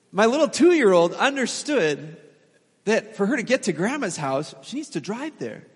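A man in his thirties preaching a sermon as pastor, telling stories in a relaxed, conversational way with fillers and small laughs. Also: high-pitched, normal speed, husky. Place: church sanctuary. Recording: long hall reverb.

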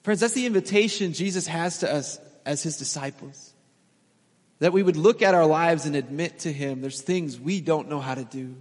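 A man in his thirties preaching a sermon as pastor, telling stories in a relaxed, conversational way with fillers and small laughs. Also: a little high, moderate pace. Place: church sanctuary. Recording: long hall reverb.

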